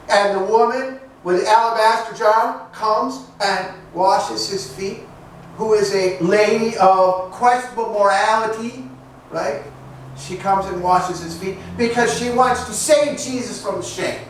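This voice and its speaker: A man with a fairly high voice preaches in a joking, chatty way and keeps putting questions to his congregation. The mic sits far from him in a very echoey church. A faint hiss of noise runs underneath. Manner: humorous and conversational, questioning the congregation. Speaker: pastor. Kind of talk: sermon. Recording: echoey hall picked up from a distance, faint noise.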